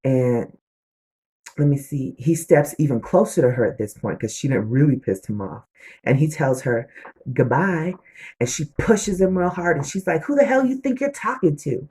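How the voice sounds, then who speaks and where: Woman, husky, mellow tone, casual episode recap, animated storyteller, slangy asides. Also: a bass voice, moderate pace. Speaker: TV show reviewer.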